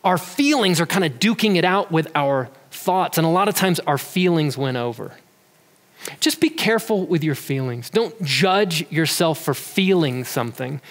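A man's voice: on the high side, lively intonation, moderate pace, a bit bright. A man in his thirties preaching a sermon, talking in a conversational way and telling family stories with animation. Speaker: pastor. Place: church sanctuary. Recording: long church hall reverb.

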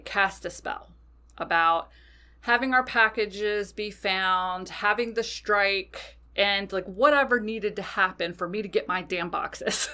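Bright-voiced woman telling a story. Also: mid-range voice. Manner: animated, swears freely, frequent fillers. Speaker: podcast host. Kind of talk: casual storytelling monologue.

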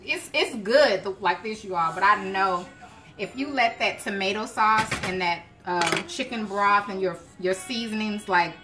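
A woman hosts a live cooking stream in a chatty, casual way, talking straight to her viewers. She bursts into joyful shouts of praise now and then. Gospel music plays clearly behind her. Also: mid-range voice. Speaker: cooking show host. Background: gospel music playing.

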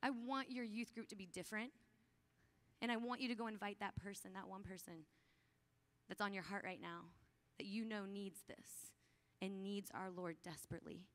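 A woman's voice: medium pitch, fairly even intonation, normal speed. Earnest woman speaker addressing teens. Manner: earnest, casual phrasing with frequent "like"; urgent, encouraging appeals to the audience. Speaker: youth conference speaker. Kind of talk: youth conference talk and prayer.

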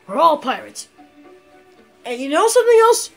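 A woman's voice: high voice, moderate pace, soft background music. Woman playing a cheerful pirate fox. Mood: playful. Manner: playful, excited, addressing viewers directly. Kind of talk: toy play video with singing.

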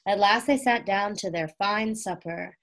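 A woman reading a children's chapter book aloud in a gentle, unhurried way. Her voice sits at an ordinary middle pitch, calm and clear for young listeners. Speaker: audiobook reader.

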